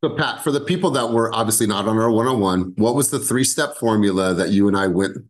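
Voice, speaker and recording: A man leading a sales team over a video call, talking with lively energy and casual swearing. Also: quick pace. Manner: animated, swears casually, acts out sales pitches. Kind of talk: energetic coaching talk.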